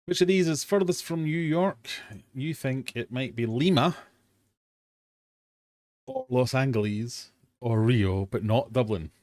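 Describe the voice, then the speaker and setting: A man's voice: medium pitch, measured pace, long pauses, darkish tone, dry recording, clean studio sound. British man hosting a chatty quiz. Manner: chatty, reads quiz questions, self-mocking dad jokes. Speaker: quiz host of a live stream. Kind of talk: casual live-stream quiz hosting. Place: home fish room.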